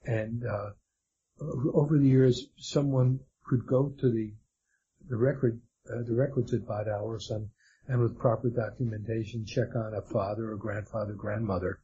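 Hesitant man with a dark voice. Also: lowish voice, fairly even intonation, moderate pace. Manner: hesitant, stumbling with many fillers and restarts. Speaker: guest author. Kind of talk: conversational interview. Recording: dull lo-fi sound with faint noise.

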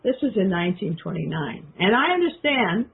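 Very husky woman on a tinny line. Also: medium pitch, very animated, a little fast. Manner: reads passages aloud, then breaks off into loose remarks with fillers; addresses listeners directly. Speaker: commentator reading from a book. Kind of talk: reading aloud with spoken commentary. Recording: tinny phone-like sound.

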